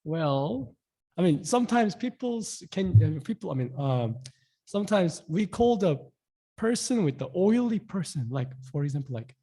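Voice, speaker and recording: A young man gives a relaxed online language lesson in a slightly raised, mellow, husky voice. He says each word slowly more than once and keeps turning to his viewers with "guys". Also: high voice. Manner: repeats words slowly, keeps asking "guys". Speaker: language teacher.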